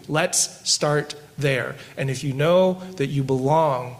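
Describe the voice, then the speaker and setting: A man co-hosting a podcast who tells stories while teaching scripture, moving between quick asides and slow, emphatic lines. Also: a little high. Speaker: podcast co-host discussing scripture. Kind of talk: conversational Bible teaching with storytelling.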